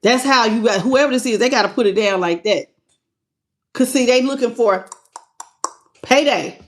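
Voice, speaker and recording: A woman's voice: on the high side, normal speed. Blunt, sassy woman reading tarot. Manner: blunt, sassy, calls viewers baby and honey; greets live chat viewers by name. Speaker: tarot reader. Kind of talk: live tarot reading, casual chat.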